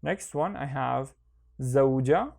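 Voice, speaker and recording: A man's voice: on the high side, lively intonation. Patient man teaching Arabic syllables. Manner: slow, patient, repeats sounds twice. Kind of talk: online language lesson.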